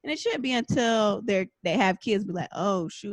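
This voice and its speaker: A woman's voice: mid-range voice, normal speed, dry recording. A young pregnant woman co-hosting a casual chat show, telling frank self-deprecating stories about motherhood. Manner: candid, self-deprecating storyteller. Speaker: podcast co-host.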